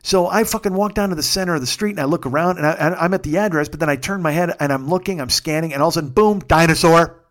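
A man hosting a podcast, telling a long, profane, excitable story in a casual monologue. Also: fairly high pitch, fast. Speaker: podcast host.

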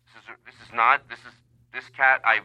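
A man's voice: mid-range voice, level tone, fairly quick, dull audio. A man hosting a comedy podcast, playing out an improvised bit with a mock-earnest manner as he talks to a pretend caller.

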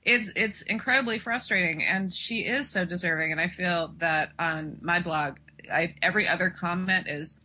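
A chatty woman reviewing TV with a co-host, her voice bright and a little husky and sitting slightly low. She talks emphatically, with frequent laughs. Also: normal speed, few pauses. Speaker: podcast co-host and TV blogger. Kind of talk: casual TV review chat.

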